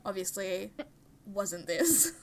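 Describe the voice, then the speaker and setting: A woman co-hosting a podcast in casual chat, with a high, girlish voice and a chatty, laughing manner. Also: expressive, slow pace, slight background noise. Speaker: podcast co-host.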